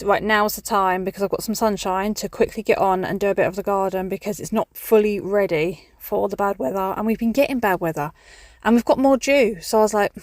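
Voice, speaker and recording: A woman's voice: mid-range voice, dry recording, studio quality. Chatty woman vlogging in her garden. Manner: chatty, jokey and self-mocking. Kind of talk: casual vlog chat. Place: outdoors in a garden.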